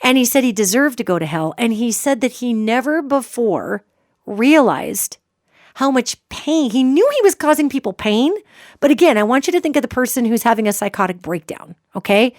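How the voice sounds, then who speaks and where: Emphatic higher-voiced woman radio host. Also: expressive, normal speed, dry recording, clean studio sound. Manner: emphatic, checks in with listeners with "okay?" and "gang". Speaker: psychic radio show host. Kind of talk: storytelling monologue to listeners.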